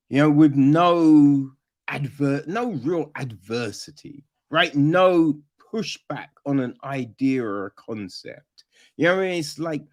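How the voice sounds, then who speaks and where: A man talking through a film on his podcast, his voice sitting fairly high and swooping all over as he gets into it. He speaks unhurriedly and swears freely, and keeps checking in with his listener. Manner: animated, profane, mimics characters in mocking high voices; peppers talk with "right?" and "you know what I mean?". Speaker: podcast host. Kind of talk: casual film review chat.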